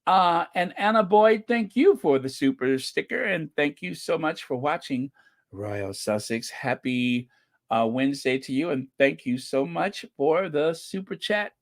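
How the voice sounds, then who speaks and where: Slow-talking chatty male channel host. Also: a little high, expressive. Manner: chatty, laughs often while talking. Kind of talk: casual commentary reading comments.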